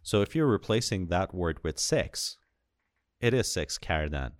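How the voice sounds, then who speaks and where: A man's voice: low voice, expressive, unhurried, no room sound, studio quality. A man in a casual chat who corrects the others and insists on his point. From Iran.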